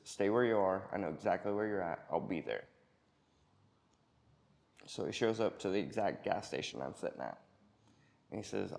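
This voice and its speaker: A man with a gravelly, low-set voice recounts his own story in a plain, halting way, full of ums and restarts. He speaks, as a personal testimony. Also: a little mellow. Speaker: employee sharing personal story.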